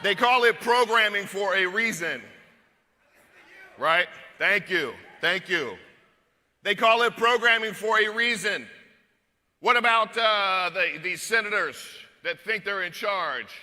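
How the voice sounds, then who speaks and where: A man giving an energetic rally speech as a guest speaker, shouting and leading the crowd in chants. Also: high voice, slow pace. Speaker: guest speaker at a youth conference. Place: large hall with a live crowd. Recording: reverberant hall, loud crowd noise.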